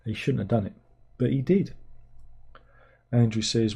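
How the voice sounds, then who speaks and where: A man's voice: medium pitch, a little slow, creaky, long pauses, husky, dull audio. A man hosting a casual film review, reading out viewer comments in a rambling, sardonic way with incredulous outbursts.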